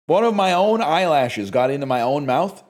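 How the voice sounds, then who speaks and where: Animated, profane man streaming live. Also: a little high. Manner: animated, profane ranting to chat. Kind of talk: casual live-stream chat.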